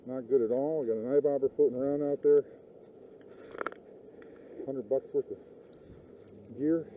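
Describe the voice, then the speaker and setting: A man's voice: mid-range voice, slight background noise. A man narrating his fishing outdoors by a river, talking casually and rambling, swearing when things go wrong. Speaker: fishing vlogger. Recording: tinny lo-fi outdoor audio.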